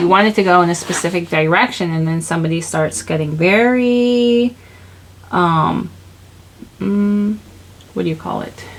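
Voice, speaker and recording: A woman talks through a spiritual tarot reading in a relaxed, wandering way. Her voice sits slightly low with a gravelly fry. There is a faint hiss of noise behind her as she searches for words between frequent "likes.". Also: rough recording. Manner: rambling, searching for words, full of "like" and "you know". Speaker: tarot reader.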